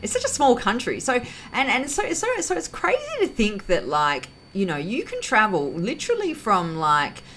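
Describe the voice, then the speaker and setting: A woman hosting her own vlog, talking through her thoughts in a rambling, casual way, often correcting herself and filling pauses. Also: medium pitch, huge pitch swings, a bit bright, slight background noise, low-quality recording. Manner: rambling, self-correcting, heavy use of fillers. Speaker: vlog host. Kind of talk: casual reflective monologue.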